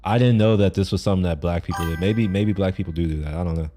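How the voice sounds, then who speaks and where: A man gives a casual reaction commentary on a stream. His voice is fairly low and dark, and he rambles with restarts and breaks into laughter often. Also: fast, soft background music.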